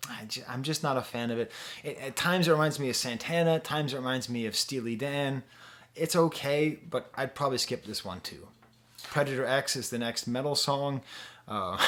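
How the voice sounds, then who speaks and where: A chatty man talks through an album review straight to his camera at home, thinking aloud as he goes. His pitch sits in a middling range, and he often stops to restart a phrase. The pace is easygoing and conversational. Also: fairly bright tone. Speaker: music reviewer.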